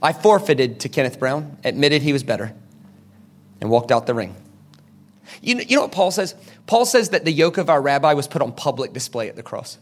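A man preaching a sermon, telling a story with dramatic, animated delivery and shouted peaks. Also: medium pitch, fairly quick.

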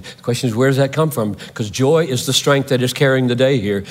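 A man preaching a sermon as a pastor, impassioned, swinging between loud emphatic peaks and quiet intensity. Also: mid-range voice, a little fast, hardly any pauses, in a large hall.

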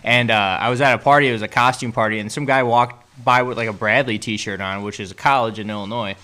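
A man's voice: on the low side, fairly even intonation, fast, bright, forceful tone. A young man co-hosting a podcast, telling a long, rambling party story full of swearing and laughing as he goes. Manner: rambling, profane, laughs through stories. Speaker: podcast co-host. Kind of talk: casual chat, storytelling.

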